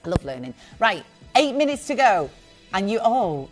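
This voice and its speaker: A woman presenting live jewellery sales on a shopping channel, chatty and gushing with quick asides. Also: medium pitch, big pitch swings, soft background music.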